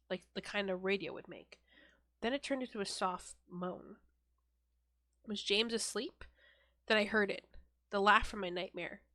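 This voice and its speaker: A young woman co-hosting a podcast, reading a horror story aloud in a flat, deadpan way, often breaking off to laugh and swear. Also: medium pitch, no room sound. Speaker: podcast co-host.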